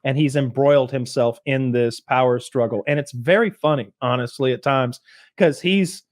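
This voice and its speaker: A man co-hosting a podcast, chatting casually and profanely, acting out scenes in quick put-on voices. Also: mid-range voice, no room sound, clean studio sound. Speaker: podcast co-host. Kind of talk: casual chat.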